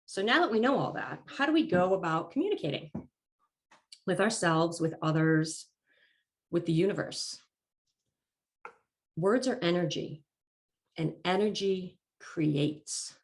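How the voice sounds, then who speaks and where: Woman, life coach, calm encouraging talk, fairly low voice, slight allergy congestion. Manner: calm, encouraging and measured, stressing key phrases. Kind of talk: presented talk.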